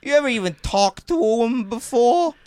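A brash, scornful woman, put on by a performer, fires back mocking questions at a hopeless flirt. The delivery swings up and down in a lively way, and the sound is dry and close to the mic. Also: medium pitch, fairly quick, smooth, no room sound, lightly acted. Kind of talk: improv comedy game.

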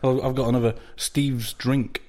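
A man's voice: medium pitch, level tone, moderate pace, a little mellow. A man, co-hosting a podcast with dry questioning banter. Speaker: podcast co-host. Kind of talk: casual chat.

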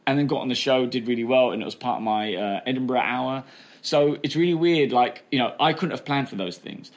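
A man, telling a candid story in an interview, talking fast and chatty, with many fillers like "right?" and "you know". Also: medium pitch. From England. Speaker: comedian guest.

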